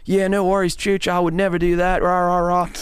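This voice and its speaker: A man's voice: sits high, flat delivery, brisk, clear, resonant tone, pitched above the performer's own voice, natural voice. A man doing an impression of a laid-back, wild young Australian man with an Australian accent. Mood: breezy. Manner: easygoing, offhand.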